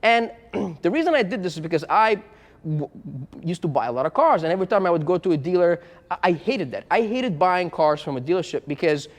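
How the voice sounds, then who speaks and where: A man's voice: sits high, animated, fairly quick, long reverb tail. A man who runs a used car business, talking frankly and bluntly to the camera in a casual vlog and repeating himself as he goes.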